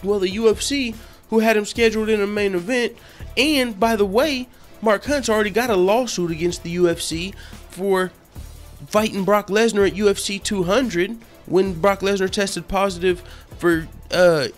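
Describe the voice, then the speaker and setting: A man's voice: high voice, normal speed, soft background music. A man hosting a casual MMA news channel, cursing a lot and laughing often as he talks. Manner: profane, laughs often, excitable. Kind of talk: casual commentary vlog.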